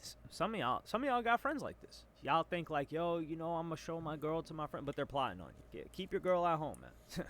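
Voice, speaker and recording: A man's voice: fairly high pitch, very animated, a little fast, a bit bright. A man reading out messages and reacting with incredulous, mocking asides in casual reaction commentary.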